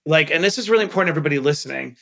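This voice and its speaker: A man's voice: on the high side, lively intonation, racing, creaky, sharp tone. A middle-aged man from Queens, candidly telling stories as a guest on an interview podcast. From Queens, New York. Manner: candid, earnest storyteller who stresses key points. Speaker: guest investor.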